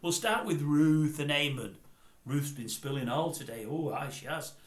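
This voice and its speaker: A middle-aged man with a fairly high voice rambles through celebrity gossip at a moderate pace, grumpy and sarcastic, as a comic host. It plays as a comedic gossip monologue, and the recording has a roomy echo.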